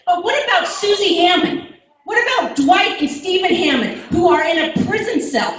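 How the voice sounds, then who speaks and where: A woman's voice: very high voice, lively intonation, a little fast, a little hiss or hum. A woman giving an impassioned, indignant public comment at a town meeting. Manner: fervent, indignant, rising to shouts. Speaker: resident speaking at a public meeting. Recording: echoey hall from a distance.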